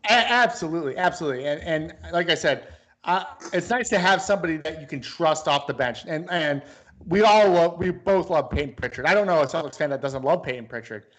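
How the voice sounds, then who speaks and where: A man's voice: fairly high pitch, animated, brisk. A man co-hosting a casual sports talk show, rambling with lots of restarts and fillers as he chats about basketball. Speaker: sports podcast co-host.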